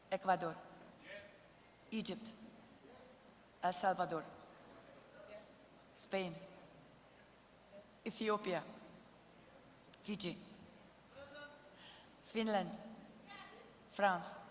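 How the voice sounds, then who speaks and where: A woman reading a roll call at a congress, measured and formal. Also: medium pitch, slight background noise. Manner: measured, reads a list of names. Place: large conference hall. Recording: echoey conference hall, faint ambience.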